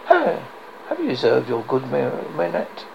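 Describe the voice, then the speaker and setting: A silky, mocking old baron, as a man reads him aloud, cruel and scheming. The voice is very gravelly and rises and falls a lot. It comes across as a storybook reading rather than a full performance. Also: medium pitch, huge pitch swings, a little slow, highs cut off, a little hiss or hum, full character voice.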